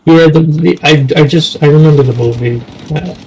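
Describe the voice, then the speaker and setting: A man's voice: a little high, normal speed, a little mellow, a little hiss or hum, poor audio. A young man in casual chat, rambling and swearing, often trailing off mid-thought. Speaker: streamer.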